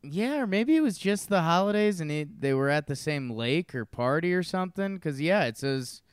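A young man trades dry, deadpan remarks on a casual podcast. His voice is very crisp and smooth, a bit higher than most men's, and recorded close with no echo. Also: normal speed. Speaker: podcast co-host. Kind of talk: casual chat.

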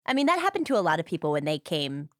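Woman co-host, lowish voice, casual wry chat, dry recording. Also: huge pitch swings, fast, a bit bright, no echo. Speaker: podcast co-host.

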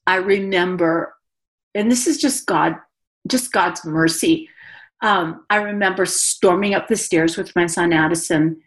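A woman's voice: lowish voice, unhurried. A woman guest giving an earnest, emotional personal testimony in conversation, a mother speaking about her life. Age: adult mother.

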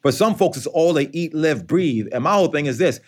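A man, an author and educator, answering interview questions in a lively conversational way, acting out quoted lines. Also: a little high, a little fast. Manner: animated, conversational, acts out quotes.

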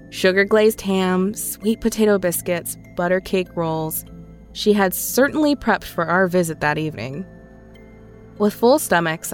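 A woman reads a scary story in a calm, measured voice. Her pitch sits on the low side. Faint music plays beneath her narration. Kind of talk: scripted horror narration.

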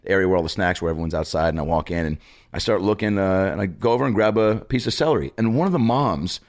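Deep-voiced man telling animated stories. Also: fast. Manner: animated storyteller, acts out quoted people with big pitch jumps. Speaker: podcast guest, comedian. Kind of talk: casual storytelling chat.

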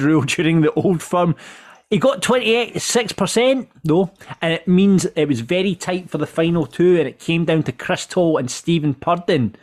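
A Scottish man hosting a casual football podcast, joking as he runs the segments. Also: fairly high pitch. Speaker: podcast host.

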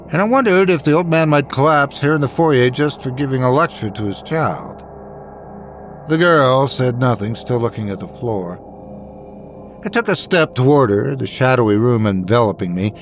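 A man reading a horror story aloud in a measured, suspenseful way. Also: mid-range voice, a little hiss or hum. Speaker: narrator. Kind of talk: scripted horror story narration.

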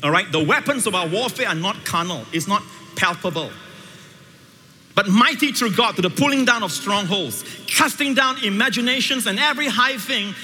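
A high-voiced, bright male preacher delivering a sermon in a large hall with a long reverb tail. He swings emphatically between ringing peaks and quiet, low asides. Faint ambience lingers behind him. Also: animated, moderate pace. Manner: emphatic, with sweeping shifts between loud highs and quiet lows. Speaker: pastor.

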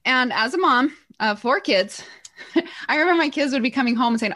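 A woman's voice: high-pitched, animated, a little fast, fairly bright tone. A middle-aged woman, a podcast guest, telling stories with lots of energy, laughing often and acting out quotes. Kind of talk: energetic interview storytelling.

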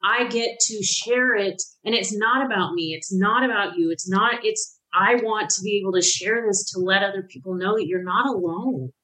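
Bright-voiced woman telling a heartfelt story. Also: mid-range voice, moderate pace, hardly any pauses, poor audio. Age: middle-aged. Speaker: podcast guest. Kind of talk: candid conversation about recovery.

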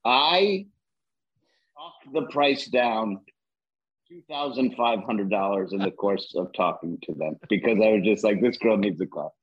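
A man co-hosting a casual podcast chat, an animated storyteller with a husky voice who swears freely. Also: on the low side, measured pace, highs cut off.

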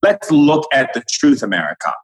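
A man's voice: medium pitch, wildly swooping pitch, normal speed, rough recording. A man speaking as a spiritual guide in an impassioned, preachy way, acting out quoted conversations.

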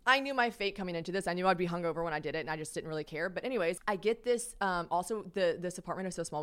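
A woman hosting a podcast from a small apartment, telling a story in a casual, animated way, swearing freely and poking fun at herself. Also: on the low side, smooth. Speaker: podcast host.

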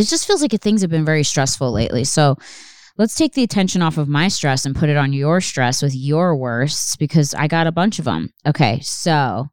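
Young woman podcast host, low smooth voice, dry close sound, rambling, swears a lot. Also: darkish tone, dry recording. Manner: rambling, swears freely, many fillers and restarts. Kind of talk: casual solo podcast chat.

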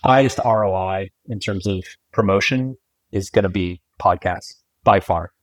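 A man's voice: sits low, normal speed, no room sound, rough recording. A man in his forties, a guest author talking candidly and reflectively in a casual podcast chat, often laughing. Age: 40s.

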